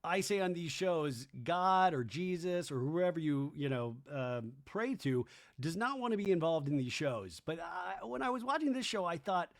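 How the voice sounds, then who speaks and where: A man's voice: a little high, sing-song, normal speed. A man hosting a podcast, recapping a reality show in a rambling, incredulous way with lots of asides. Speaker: podcast host.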